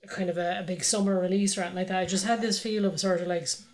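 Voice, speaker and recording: A woman's voice: on the low side, steady tone, very fast, a little mellow. A woman co-hosting a podcast, chatting casually about films, sweary, with lots of fillers. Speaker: podcast co-host. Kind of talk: casual film chat.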